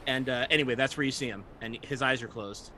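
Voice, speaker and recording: A man's voice: medium pitch, fast, sharp tone, a little hiss or hum. A man narrating as game master in a rambling way with many fillers.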